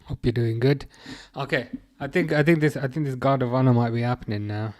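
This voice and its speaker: A man hosting a live football watchalong, reading chat messages aloud and answering them in a chatty, halting way full of fillers and restarts. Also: medium pitch, fairly even intonation, a little mellow. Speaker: livestream host reading chat.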